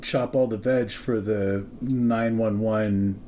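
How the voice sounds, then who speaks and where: A man's voice: on the low side, fairly even intonation, slow pace, dark tone, a little hiss or hum. A young man hosting a podcast, telling a profane, laughing story in casual chat and acting out the people in it. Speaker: podcast host.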